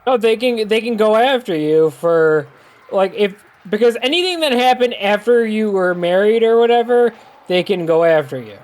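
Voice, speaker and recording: A man's voice: high-pitched, lively intonation, moderate pace, a little mellow. A man co-hosting a casual podcast, arguing his point with examples while gaming. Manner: argumentative, explains with examples. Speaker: podcast co-host.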